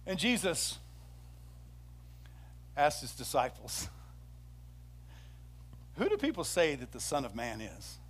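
Male pastor, sermon delivery, a bit high-pitched, acts out the quotes with energy. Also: takes it slowly, pauses often, slightly rough. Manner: animated storytelling, acts out quoted speech.

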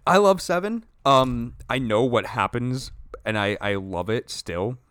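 A man's voice: mid-range voice, lively intonation, a little slow, a bit bright, clean tone, dry recording. A man co-hosting a podcast, talking about favorite films in a laid-back, candid way with some swearing. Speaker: podcast co-host. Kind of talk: casual movie chat.

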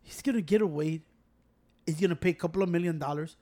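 A man, co-hosting a casual, profane debate, blunt and quick to cut in while mixing in Spanish. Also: fairly high pitch, warm tone. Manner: blunt, code-switches, cuts in. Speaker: podcast co-host.

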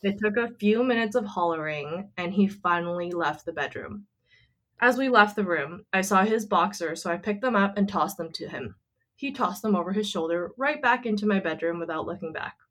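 A woman's voice: medium pitch, animated, normal speed, fairly bright tone. Chatty woman retelling a story. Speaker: podcast co-host. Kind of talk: casual chat, retelling a listener story.

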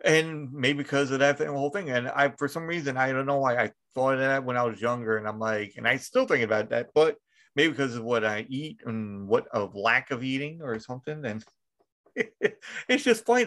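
A man's voice: medium pitch, a little fast, a bit bright. A man hosting a podcast, telling rambling stories with frequent laughter and swearing. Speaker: podcast host. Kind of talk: casual chat.

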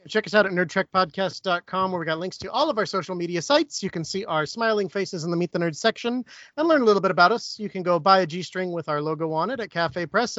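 Fast, high-voiced deadpan co-host. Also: male voice, dry recording. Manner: brisk, deadpan jokes. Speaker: podcast co-host. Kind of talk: casual chat. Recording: slightly muffled dry podcast audio.

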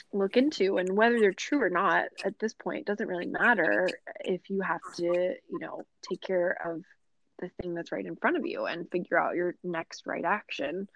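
A woman talks easily as a podcast guest, thoughtful and chatty, with plenty of "you know" and light laughter. Her voice is mid-pitched. It comes through a dull, muffled, lo-fi recording with no room echo. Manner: chatty and reflective, many "you know" fillers, laughs often. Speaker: guest, yoga teacher and mother. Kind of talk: casual podcast conversation. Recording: dull, lo-fi sound.

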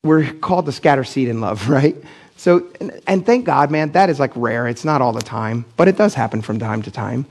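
A man's voice: medium pitch, animated, normal speed, a little mellow. A middle-aged man from Pennsylvania preaching a casual, blunt sermon as pastor, acting out the people he quotes with big jumps in his voice. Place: church.

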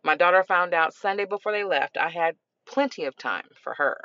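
A middle-aged woman hosting a parenting podcast, telling stories in a casual, animated way with frequent laughter. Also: on the low side, a little fast, no echo, highs cut off. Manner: animated, expressive, laughs often. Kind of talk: casual storytelling.

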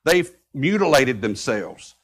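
A man preaching a sermon, breaking into sudden loud outbursts when he quotes scripture. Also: medium pitch, sing-song, slow. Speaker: pastor.

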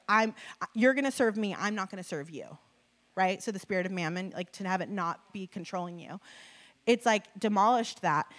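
A young woman giving a sermon as a casual, chatty story, full of filler likes and animated retelling. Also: on the low side. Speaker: church speaker.

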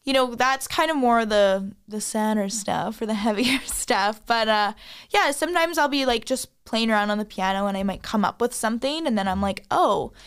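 A woman's voice: a little high, moderate pace, clean tone. A woman musician chatting as an interview guest, giggly and hesitant, with many fillers. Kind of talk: casual interview chat.

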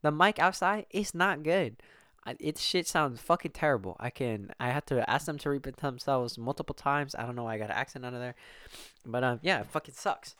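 On his own podcast, a young man rambles through casual solo chat full of swearing and restarts. He talks a little fast in a medium-pitched, fairly bright, smooth voice, recorded at studio quality without room sound.

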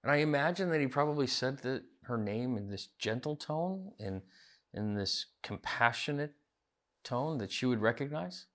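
A man's voice: mid-range voice, lively intonation, normal speed, a bit bright. A man as pastor preaching a sermon, earnest, building to emphatic repeated phrases. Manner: earnest, rising emphatic repetitions.

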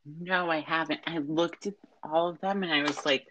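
A young adult woman co-hosting a podcast, chatting casually and excitably. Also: deep voice, normal speed, a little hiss or hum. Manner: excitable, gasping, says oh my gosh a lot. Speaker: podcast co-host. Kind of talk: casual chat.

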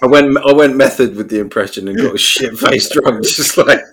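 A man's voice: mid-range voice, normal speed, a crowd in the background. A man co-hosting a podcast, dropping dry sarcastic quips in casual chat. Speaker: podcast co-host.

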